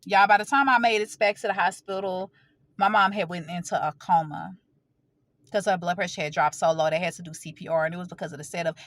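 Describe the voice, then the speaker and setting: A woman's voice: on the low side, fairly bright tone, no room sound. A woman, possibly in her thirties, telling a painful personal family story straight to her viewers in a casual, direct way, her voice catching as she fights back tears. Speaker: vlogger.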